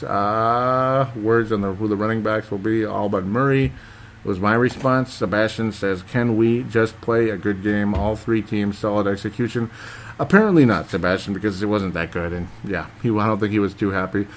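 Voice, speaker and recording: A man's voice: on the low side, slight background noise. A man hosting a casual sports podcast, reading listener comments aloud and reacting in a rambling way. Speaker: podcast host.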